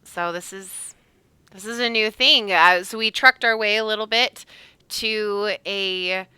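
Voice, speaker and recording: Bubbly woman game master recapping, super bright voice, lots of ums and laughs. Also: mid-range voice, measured pace, clear, resonant tone, no room sound. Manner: animated, laughs often, many fillers. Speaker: podcast co-host and game master. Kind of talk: casual recap chat.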